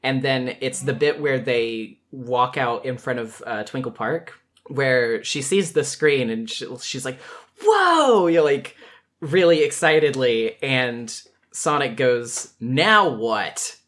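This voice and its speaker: A man hosting a casual chat, talking animatedly, laughing often and jumping up in pitch to act out quoted lines. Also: measured pace, a bit bright. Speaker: podcast host.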